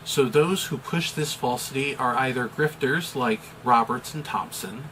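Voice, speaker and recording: Bright-voiced American man explaining calmly. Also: mid-range voice, a little hiss or hum, rough recording. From United States. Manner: measured, deliberate, with occasional fillers. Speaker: chaplain and pastor. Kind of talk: explanatory video commentary.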